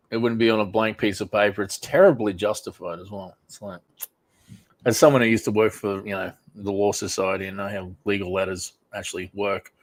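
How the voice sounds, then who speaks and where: A man's voice: fairly low pitch, steady tone, normal speed, pauses often, no echo. A man co-hosting a casual podcast, skeptical and dry, laughing often. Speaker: podcast co-host. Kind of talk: casual chat.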